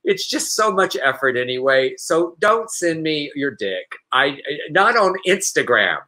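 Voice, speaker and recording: A man's voice: on the high side, very animated, unhurried, bright, forceful tone. A man co-hosting a casual news podcast, reading stories aloud and joking. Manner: reads news aloud with playful mock accent, laughs often. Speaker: podcast co-host.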